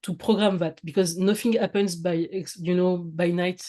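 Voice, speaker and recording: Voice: mid-range voice, steady tone, normal speed, warm tone. A guest with a French accent giving advice over a video call, hesitant, with many fillers and restarts. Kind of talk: casual advice in a video interview.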